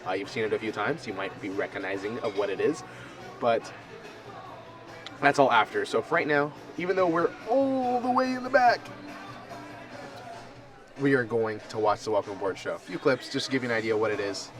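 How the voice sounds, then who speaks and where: A man casually explaining a cruise ship show to his viewers in a relaxed vlog style. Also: medium pitch, moderate pace, pauses often, distant mic, faint music behind. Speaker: cruise vlogger.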